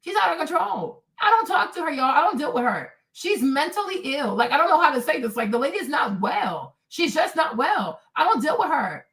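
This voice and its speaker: This young woman, hosting a livestream, tells an indignant, casual story to her audience, whom she calls "y'all," in a very animated manner. Her voice is high and fairly quick, with few pauses.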